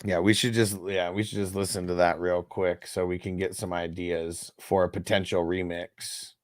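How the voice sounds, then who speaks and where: A man's voice: deep voice, level tone, moderate pace, dry recording. A young man hosting a casual livestream, reading out chat comments in a loose, rambling way and swearing freely. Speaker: host.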